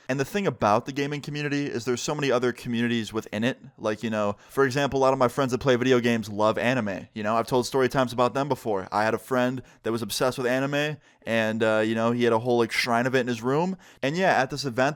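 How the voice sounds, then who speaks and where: Young male YouTuber, story time narration, lively and emphatic, loose and chatty. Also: medium pitch. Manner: animated, emphatic storytelling with frequent fillers. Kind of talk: casual story time vlog.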